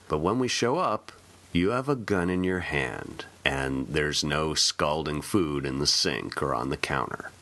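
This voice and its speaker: Guy doing a laid-back blunt cop, super deep voice, lots of swing in it. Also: animated, unhurried, fairly bright tone, exaggerated voice. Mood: casual. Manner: casual, conversational, plainspoken. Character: blunt, easygoing male police officer.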